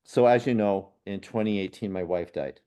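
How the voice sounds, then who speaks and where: A man with a lowish, warm, mellow voice, speaking as a medium on a podcast. He tells personal stories earnestly and without hurry, sometimes laughing softly or restarting a sentence. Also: moderate pace, clean tone. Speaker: guest, spiritual medium and healer. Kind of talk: reflective personal storytelling in a podcast conversation.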